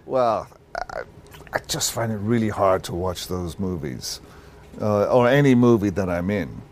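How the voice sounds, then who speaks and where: A man's voice: fairly low pitch, animated, unhurried, a little mellow. A man in his sixties, born in Ireland, telling stories in a candid interview, reflective and self-deprecating, restarting his sentences often. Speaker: actor guest.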